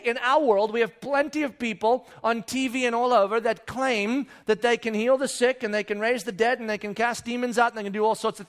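A man preaching a sermon in a conversational way, acting out the story with sudden loud and hushed moments and often asking "right?". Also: very high voice. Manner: animated storytelling, acts out disciples and Jesus with sudden loud and hushed voices; conversational, keeps checking with "right?". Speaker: pastor.

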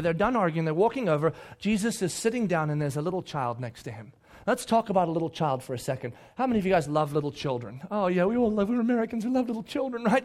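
Middle-aged male pastor, high-pitched, animated, plays out the voices in his stories. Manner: animated storytelling, acts out voices. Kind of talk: sermon.

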